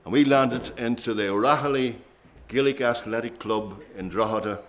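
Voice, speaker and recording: A man's voice: medium pitch, moderate pace, crowd noise. An older man, telling rambling stories between songs at a traditional singing session. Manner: chatty, rambling reminiscence with asides. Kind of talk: relaxed storytelling at a singing session.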